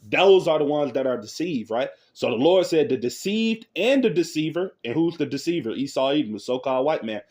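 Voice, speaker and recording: A man's voice: mid-range voice, lively intonation, fairly quick, few pauses, a little mellow. A man in casual commentary reacting to a news clip, laughing often, speaking in loose slangy talk and reading scripture aloud. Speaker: religious online commentator.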